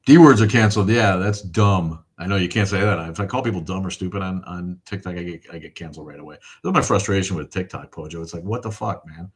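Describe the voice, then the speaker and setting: His voice sits low, and he talks at a quick pace with hardly any pauses. He's a middle-aged man running a casual livestream, going through viewer comments, offering thanks, and ranting profanely as he rambles.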